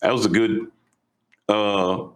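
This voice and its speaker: Podcast co-host, male, lower register, animated casual storyteller. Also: takes it slowly, crowd noise. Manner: animated, retelling with excitement.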